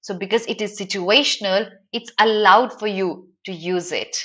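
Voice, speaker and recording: A young Indian woman teaching English in a live online class, explaining an article lively and asking her students questions. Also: mid-range voice, normal speed. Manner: animated, asks students questions, addresses viewers by name.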